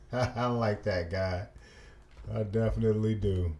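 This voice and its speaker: A man's voice: on the low side, slow pace, dark tone. A man hosting a reaction video, folksy and laid-back. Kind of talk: casual reaction commentary.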